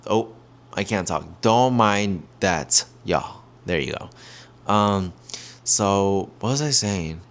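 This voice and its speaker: A man's voice: low-pitched, expressive, takes it slowly. A young man chatting casually to viewers in a vlog on a handheld mic, rambling with lots of fillers. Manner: rambling, heavy fillers, addresses viewers as y'all. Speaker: YouTuber.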